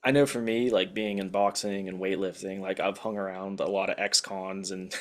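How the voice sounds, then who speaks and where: A man who is a guest on a podcast, chatting in a relaxed, blunt way and swearing casually. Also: low-pitched, normal speed. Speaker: guest writer. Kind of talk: casual chat.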